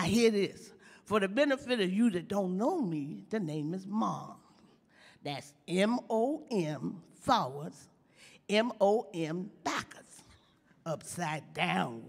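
A woman's voice: on the low side, gravelly, husky, full character voice. An actress playing a bawdy older woman comedian, telling teasing stories in a live stage comedy monologue. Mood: sassy. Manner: bawdy, teasing, drawls and chuckles through punchlines. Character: sassy old woman comedian, bawdy storyteller. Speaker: stand-up comic in a stage play. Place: large theater stage with audience. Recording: long reverb of a large hall.

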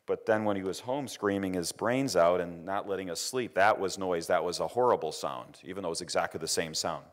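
This is a middle-aged man lecturing on engineering in a low voice and at a fairly quick pace. His delivery is anecdotal, with a personal story, repeated words, and quotes of others performed in a raised voice.

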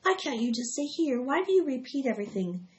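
A wise female barn spider speaks calmly and precisely, as a woman reads her aloud. She sounds fairly high and in charge. The recording is dull and lo-fi. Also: brisk. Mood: firm.

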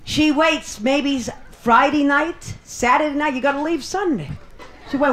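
With a high-pitched, slightly bright voice, a woman comedian speaks a little slowly over a faint hiss or hum. Her live nightclub routine is bawdy and brassy, punchy yet drawn out for the crowd, and the echoey club recording catches the audience laughing.

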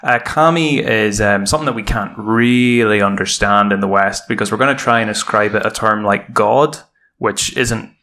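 A man's voice: fairly low pitch, pushed and bright. A Northern Irish man hosting a podcast, explaining in a rambling, self-deprecating way. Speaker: podcast host. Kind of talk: casual chat.

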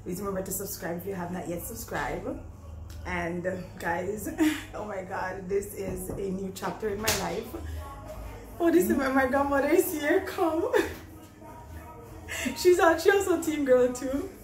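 A woman's voice: mid-range voice, measured pace, far from the mic. A young woman chatting to camera in a casual vlog, giggly and emotional, laughing often. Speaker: vlogger. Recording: echoey room.

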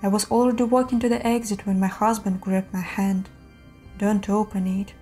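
A woman reads horror stories in a steady, measured voice. Her tone is mellow and soft-edged. Faint music plays underneath. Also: mid-range voice. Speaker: narrator. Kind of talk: scripted horror story narration.

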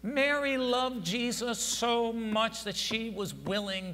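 High, bright-voiced preacher man. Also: slow pace, few pauses, in a large hall. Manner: dramatic preaching that builds from quiet to shouting. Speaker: pastor. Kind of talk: Easter sermon. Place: church sanctuary.

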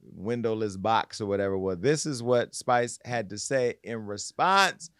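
Blunt male gossip podcast host, low voice. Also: lively intonation, unhurried, a bit bright, clean tone, dry recording, studio quality. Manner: blunt and candid, crude jokes. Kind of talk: casual pop culture gossip.

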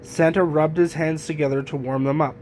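A man reading a children's picture book aloud in a gentle, even storytelling manner. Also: fairly high pitch, brisk, slight background noise. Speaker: storybook reader.

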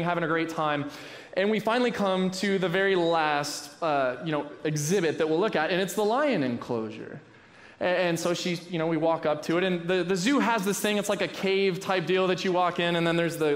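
A young adult man preaching a sermon as a pastor, telling a story in a lively, self-deprecating way with many fillers. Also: high-pitched. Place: church sanctuary. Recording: roomy church echo.

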